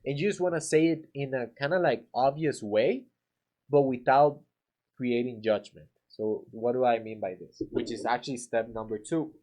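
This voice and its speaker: A man coaching painters on sales in a relaxed, conversational way. He often slips into acted sample lines and fills his speech with casual fillers. His voice sits at an ordinary middle pitch. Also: normal speed. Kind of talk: casual instructional talk to camera.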